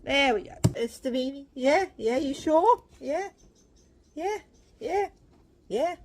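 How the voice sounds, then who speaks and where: A woman's voice: high voice, lively intonation, slow pace, heavy background noise. A half-asleep woman, chatting to her cats in cooing baby talk as she feeds them at home. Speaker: cat owner filming her cats. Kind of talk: casual talk to pets.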